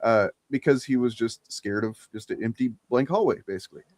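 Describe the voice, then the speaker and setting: A man's voice: medium pitch, a little fast, a little mellow, dry recording. A man in his thirties chatting casually as a podcast co-host, rambling and joking, often laughing. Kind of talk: casual chat.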